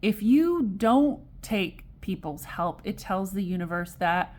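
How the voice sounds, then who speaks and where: A woman's voice: medium pitch, lively intonation, slow, few pauses, a little mellow. A woman giving a casual tarot reading to camera, chatty and digressive, exasperated yet amused. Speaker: tarot reader.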